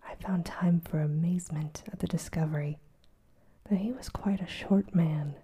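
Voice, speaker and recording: A woman narrating a classic novel as whispered role-play, soft and measured. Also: lowish voice, steady tone, a little hiss or hum.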